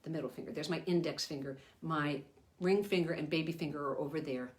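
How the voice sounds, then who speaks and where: A woman's voice: low-pitched, fairly quick. An older woman, a children's entertainer, giving a chatty, rambling puppet-making lesson with frequent self-corrections.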